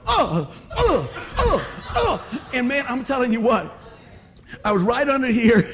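High-voiced animated male preacher. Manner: animated, laughing, bursts of shouted exclamations. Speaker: pastor. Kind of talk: comic storytelling sermon.

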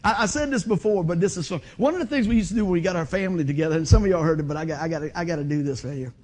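A middle-aged man preaching a sermon in a folksy, animated way, acting out other people's voices. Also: on the high side, rapid-fire. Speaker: pastor.

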